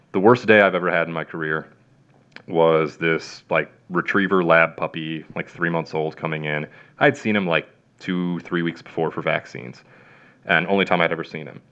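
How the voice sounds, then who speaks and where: This man has a low, smooth voice with a fairly bright tone. A vet appearing as an interview guest, he tells lengthy, meandering stories packed with fillers and acted-out quotes, all captured in dull, lo-fi sound.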